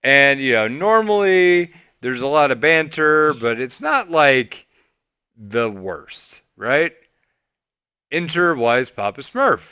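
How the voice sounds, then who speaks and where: Bright, crisp-voiced man telling a story. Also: mid-range voice, takes it slowly, dry recording, highs cut off. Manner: animated, swears freely, voices his past rants loudly. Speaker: podcast host. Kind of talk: casual podcast storytelling.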